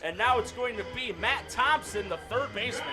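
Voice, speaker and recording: A man calling a baseball game play by play, excitable and shouting during big plays. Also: extremely high pitch, a little fast, over music. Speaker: play-by-play announcer.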